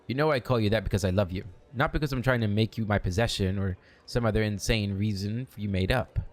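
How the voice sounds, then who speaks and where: A man's voice: fairly low pitch, quick pace, natural voice. A man reading as Regongar, a jealous warrior. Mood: pleading.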